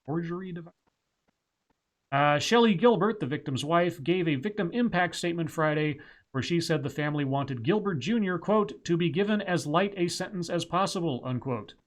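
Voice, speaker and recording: A man's voice: fairly high pitch, expressive, brisk. A man co-hosting a casual talk show, reading news stories aloud and adding wry asides. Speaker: podcast co-host reading news.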